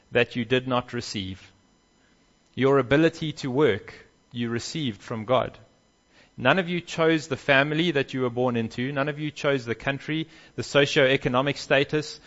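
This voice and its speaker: A man's voice: on the high side, a bit bright. A man preaching an expository sermon in an earnest, emphatic way, repeating key phrases, on a dull lo-fi recording.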